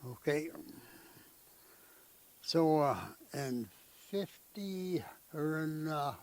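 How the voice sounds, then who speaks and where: An older man recounts family stories at an unhurried, slow pace. His voice sits a bit high for a man. He talks in a rambling, folksy way and keeps tagging his sentences with "eh?". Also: a little mellow, rough recording. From Canada. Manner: rambling, folksy storytelling with frequent "eh?" tag questions. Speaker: interviewee. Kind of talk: storytelling in conversation.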